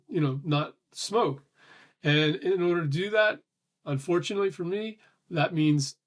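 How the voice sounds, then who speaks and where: Rambling, short-of-breath man thinking aloud. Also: on the high side. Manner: rambling, frequent restarts, swearing. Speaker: vlogger. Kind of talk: casual thinking-aloud monologue.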